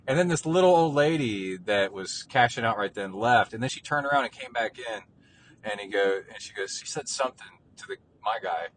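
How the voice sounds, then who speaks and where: A man's voice: lowish voice, animated, brisk, slight background noise. A man hosting an endurance sports podcast, chatting casually on the go with lots of ums and uhs. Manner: rambling, filler-heavy storytelling. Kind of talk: casual chat on the go.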